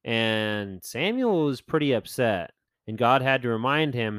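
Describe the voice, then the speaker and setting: A man's voice: medium pitch, animated, a little slow, fairly bright tone, smooth, no echo. A man hosting a podcast, casually talking through Bible stories and acting out the characters in playful voices, with plenty of fillers and self-corrections. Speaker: podcast host.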